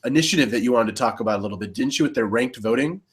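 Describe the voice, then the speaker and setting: A man co-hosting live election coverage in casual panel talk, rambling with many restarts and getting excited about voting systems. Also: medium pitch, rapid-fire.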